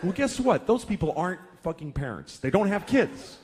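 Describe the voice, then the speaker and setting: A man's voice: high voice, sing-song, normal speed, a little mellow, a little hiss or hum. A man in his forties doing stand-up comedy, telling stories in a profane, exasperated way.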